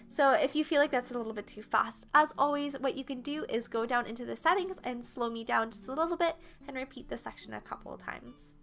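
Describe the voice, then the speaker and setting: A woman's voice: on the high side, a little fast, over loud music. A young woman teaching a flute lesson online, explaining patiently step by step and counting beats aloud.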